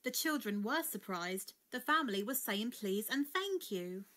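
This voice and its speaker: Woman reading a kids' story aloud, expressive, voice sits a bit high. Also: unhurried. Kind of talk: storybook narration.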